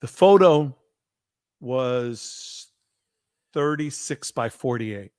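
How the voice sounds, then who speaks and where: Animated male podcast host, dry close sound. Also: mid-range voice, extremely slow, clean tone, no echo. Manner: animated storyteller, acts out quotes. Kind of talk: casual storytelling chat.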